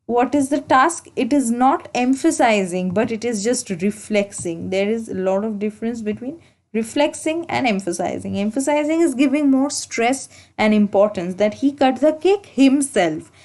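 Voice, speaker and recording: A woman teaching an English grammar lesson for exam preparation, explaining slowly and deliberately, repeating key points and correcting herself as she goes. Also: fairly high pitch, animated, darkish tone. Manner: slow, deliberate explaining with repetition and self-corrections.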